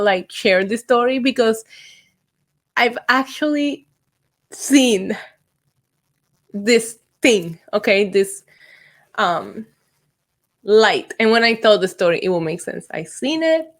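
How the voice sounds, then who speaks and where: A young woman from Puerto Rico hosting her own vlog, chatting and telling a spooky story in an excitable way, with ums and asides. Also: on the high side. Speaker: YouTube host.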